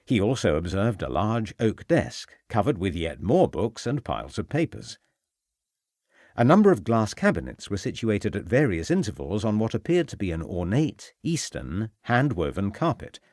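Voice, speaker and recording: Low, expressive male audiobook narrator. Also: moderate pace, no room sound, clean studio sound.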